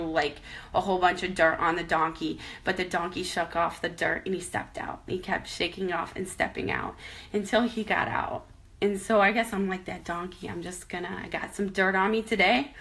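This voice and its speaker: Emotional woman vlogging, teary, keeps restarting, bit of a gravelly voice. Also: lowish voice, bright, forceful tone. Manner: tearful, halting, many restarts. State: crying at times. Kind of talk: emotional personal vlog.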